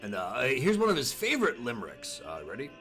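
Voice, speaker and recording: A man co-hosting a casual kids' news chat with his child, halting and playful, with many fillers. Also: mid-range voice, wildly swooping pitch, sharp tone, faint music behind. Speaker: co-host and father.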